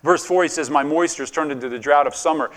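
Middle-aged male pastor, higher-pitched voice, casual conversational sermon delivery. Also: quick pace, fairly bright tone. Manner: conversational preaching, asks the congregation questions, frequent restarts and laughs.

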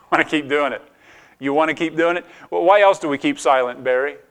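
A man's voice: a little high, brisk, clear, resonant tone. Conversational man preaching a sermon. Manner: conversational preaching, asks the congregation questions, frequent restarts and laughs. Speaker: pastor.

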